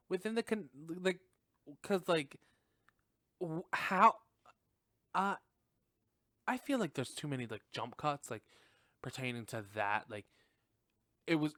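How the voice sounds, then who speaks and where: Animated, cursing male podcast host. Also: mid-range voice, no echo, clean studio sound. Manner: animated, profane, rambling with many fillers. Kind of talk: casual movie review.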